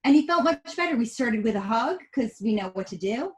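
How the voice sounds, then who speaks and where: A woman's voice: fairly high pitch, brisk, poor audio. A middle-aged woman, a podcast guest, chatting casually and acting out family moments as she tells her story. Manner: animated storyteller, acts out family dialogue.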